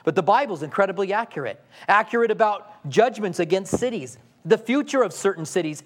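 High-voiced man preaching conversationally. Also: animated, fairly quick, hardly any pauses. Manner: conversational preaching, acts out quoted voices, rhetorical questions. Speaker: pastor. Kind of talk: sermon.

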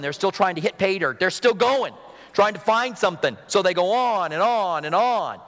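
A man preaching a sermon as pastor, animated and fervent, dropping to soft intimate moments. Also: high-pitched, long reverb tail.

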